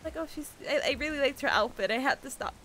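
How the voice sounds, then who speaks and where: Very high-pitched bubbly woman streamer. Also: lively intonation, moderate pace, bright, forceful tone, slight background noise. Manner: bubbly and giggly, chats with viewers while playing. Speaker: VTuber streamer. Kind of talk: casual gameplay stream chat.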